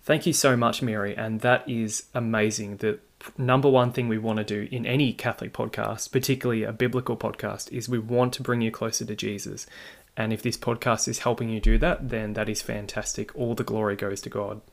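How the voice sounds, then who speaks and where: A man's voice: lowish voice, flat delivery, creaky. Australian man hosting a podcast. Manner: measured, explanatory, with occasional "uh" fillers. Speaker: podcast host. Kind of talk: reading and answering listener feedback.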